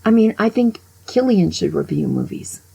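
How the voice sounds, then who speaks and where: An older woman past sixty-five tells a story in a rough, gravelly voice with a very husky, breathy edge. Her tone is mellow and dark. She talks with animation and turns hushed whenever she quotes someone. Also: medium pitch, very animated, moderate pace, poor audio. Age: over 65. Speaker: vlogger. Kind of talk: storytelling monologue.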